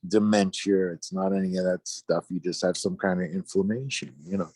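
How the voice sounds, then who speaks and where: Low-voiced man telling band stories. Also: fairly even intonation, normal speed, darkish tone, no room sound. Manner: chatty anecdote teller, acts out others' lines. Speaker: musician guest. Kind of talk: casual storytelling on a video call. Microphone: video call.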